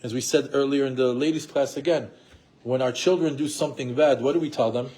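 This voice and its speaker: A middle-aged man teaching a class on marriage, lively with rhetorical questions and acting out what spouses say. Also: mid-range voice, a little fast. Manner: animated, rhetorical questions, acts out quoted spouses. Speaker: Torah teacher.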